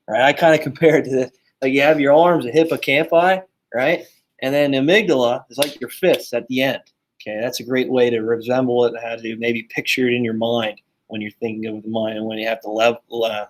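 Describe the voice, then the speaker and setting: A man teaching a psychology lesson in a casual, chatty way, full of fillers and joking asides. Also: mid-range voice. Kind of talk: casual classroom lecture.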